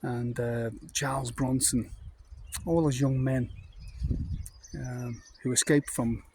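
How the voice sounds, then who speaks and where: A North Welsh man in his late fifties tells stories in a loose, meandering way, full of ums and asides. His voice sits at an ordinary middle pitch. The recording carries a clear layer of noise with birdsong behind him. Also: little pitch movement, takes it slowly, darkish tone. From North Wales. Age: 50s. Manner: rambling, chatty, full of fillers. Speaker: vlogger. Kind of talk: casual anecdotal monologue.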